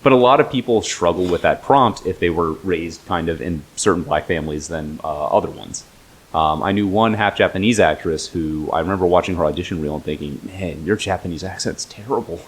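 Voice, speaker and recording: A man's voice: sits low, fairly quick, breathy edge. A young man hosting a podcast, telling anecdotes in a chatty way and laughing often. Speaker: podcast host. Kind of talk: casual chat.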